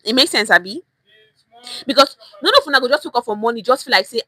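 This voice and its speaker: A woman's voice: a little high, animated, quick pace, bright, forceful tone, no echo. A young woman with a Nigerian accent teaching a chatty online language lesson, repeating phrases and dropping in pidgin words.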